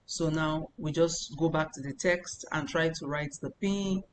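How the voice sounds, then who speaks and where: A woman from Nigeria, teaching a language lesson as a tutor and repeating phrases slowly before explaining them step by step. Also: low-pitched, steady tone, a little hiss or hum, poor audio.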